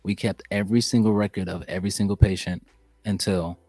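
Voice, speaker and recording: A young man as a podcast guest, chatting casually and telling animated, profane stories. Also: deep voice, brisk, dry recording, soft background music. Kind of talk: casual chat.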